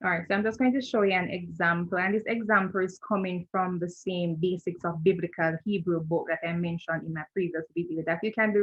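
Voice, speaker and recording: A woman's voice: on the low side, lo-fi sound. A woman teaching a screen-share lesson, patient and repetitive, often checking in with "right?". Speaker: language teacher.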